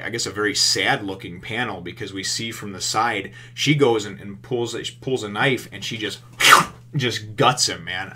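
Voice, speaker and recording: A man's voice: on the low side, sharp tone. A man casually recapping a comic chapter in a rambling, profane way, full of fillers. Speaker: manga reviewer.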